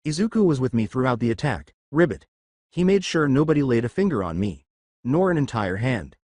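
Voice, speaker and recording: A man voicing a calm, caring, frog-like young girlfriend who says "ribbit" as she talks, in a lively, dry storybook fanfic reading. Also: mid-range voice, brisk, no echo. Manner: says "ribbit" in her speech.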